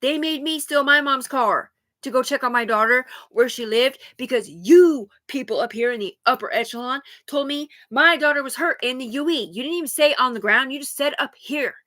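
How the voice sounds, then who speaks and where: A woman's voice: sits high, normal speed, few pauses, sharp tone. A woman talking alone on a live stream in a rambling, profane, agitated way, jumping from thought to thought.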